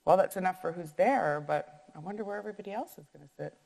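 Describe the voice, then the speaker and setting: A woman teacher reading a picture book aloud and pausing to count and ask math questions in an echoey room. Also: on the low side, creaky, a little mellow.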